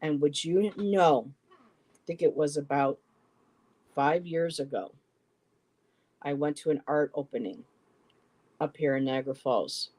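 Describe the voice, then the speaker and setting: A woman in her fifties, co-hosting a live poetry stream, telling a personal story casually, halting often with "you know" and restarts. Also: sits low, mellow. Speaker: poetry show co-host.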